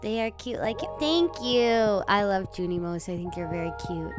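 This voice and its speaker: A woman's voice: mid-range voice, normal speed, hardly any pauses. A woman livestreaming a farming game, chatting casually with her viewers and gushing over cute characters. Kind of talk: casual gameplay commentary. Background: game music.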